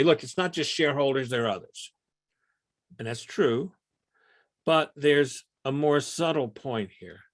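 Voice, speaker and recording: A man giving an explanatory workshop lecture, thoughtful, with frequent fillers and restarts, his voice dropping quietly at the ends of phrases. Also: mid-range voice, no echo, clean studio sound. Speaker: workshop presenter.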